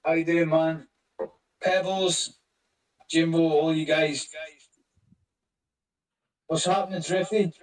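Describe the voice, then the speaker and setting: Man, casual voice chat host, rambling and cursing, high voice, distant from the mic. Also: flat delivery, takes it slowly, long pauses, echoey room. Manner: rambling, swears a lot, greets listeners by name. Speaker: crypto project lead hosting a community voice chat.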